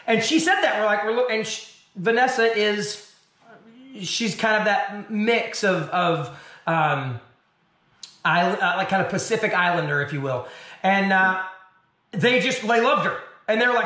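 A man's voice: high voice, normal speed, echoey room. A man from Arkansas, a television host, telling his story as an interview guest and acting out the people in it. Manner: animated storyteller acting out other voices.

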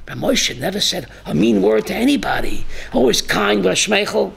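A man, a rabbi, teaching a class with animated storytelling and calling on students by name. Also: high voice, normal speed, vocal fry, hardly any pauses, slight background noise.

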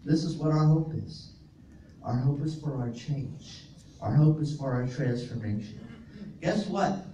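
A man's voice: a little high, measured pace, warm tone, far from the mic. A male pastor preaching a sermon, reading scripture aloud and explaining Greek words to his congregation. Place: fellowship hall. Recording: roomy echo, voice from off-mic, faint noise.

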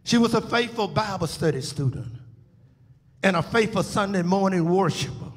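A man with a high voice preaches a funeral eulogy as pastor. His delivery swells into loud call-outs to the congregation, then drops back to a softer register. A long hall reverb hangs on every phrase. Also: lively intonation, moderate pace. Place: church sanctuary.

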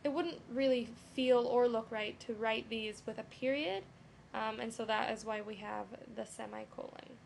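A young woman walks through a lesson in a loose, conversational way, filling her pauses with "um" and "you know". Her voice sits a little high and has a gravelly edge. A faint hiss stays under the recording. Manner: relaxed, with frequent "um" and "you know". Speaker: teacher. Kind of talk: casual screen-recorded lesson.

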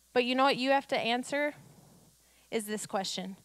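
A woman pastor preaching with a slightly high voice, her talk easy and conversational before it swells into emphatic declarations. The sound is dry and close, with no room echo. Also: fairly quick, a bit bright, clean tone. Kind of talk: sermon.

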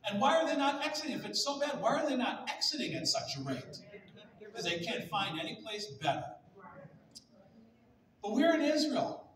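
A male pastor preaching a sermon with passion, swinging from near shouts to soft, hushed tones. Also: very high voice, expressive, moderate pace, long pauses, a crowd in the background. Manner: impassioned, rising to near shouts, then dropping soft and hushed. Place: large church sanctuary. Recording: echoey room audio from a distant mic.

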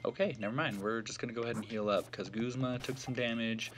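A man's voice: mid-range voice, fairly even intonation, quick pace, fairly bright tone, a little hiss or hum. A man giving casual let's-play commentary, thinking aloud with fillers and self-corrections. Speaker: gameplay commentator.

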